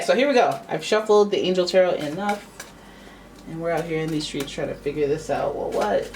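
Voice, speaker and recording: A chatty woman reads tarot cards in a casual, playful way, reacting out loud to each one. Her voice sits on the low side. She sounds a little away from the mic, with faint noise in the background. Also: recorded from a distance, rough recording. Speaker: tarot reader.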